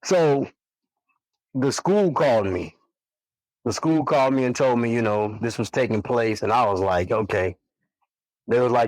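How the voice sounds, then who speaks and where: A man in his forties, a podcast guest telling a personal story in a relaxed, animated way, acting out what people said. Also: mid-range voice, measured pace, long pauses, no room sound, rough recording. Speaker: podcast guest, single father. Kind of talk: storytelling in casual conversation.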